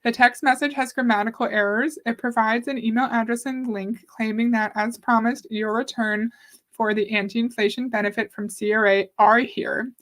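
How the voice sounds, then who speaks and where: A woman from Canada talks casually on her livestream. Her voice sits a little high, and she chats with viewers, reads their comments out loud and swears lightly now and then. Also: fairly even intonation, normal speed. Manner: chatty, reads viewer comments aloud, mildly profane. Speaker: livestream host. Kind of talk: casual live-stream talk.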